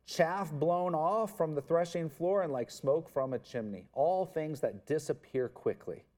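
Male pastor, sermon delivery, slow and emphatic, slightly high warm voice. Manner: earnest, emphatic, repeats words for stress. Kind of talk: expository sermon.

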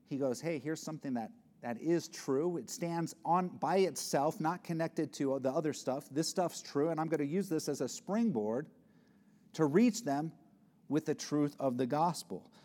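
A pastor preaches a sermon earnestly and conversationally, often restarting his phrases. His voice is a little high and mellow, at normal speed.

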